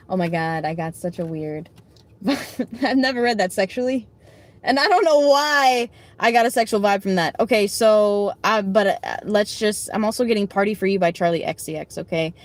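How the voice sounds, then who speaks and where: A woman in her late twenties chatting casually on a live stream, giving card readings, blunt and swearing freely with quick asides. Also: medium pitch. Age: late 20s. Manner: blunt, heavy swearing, talks back to chat.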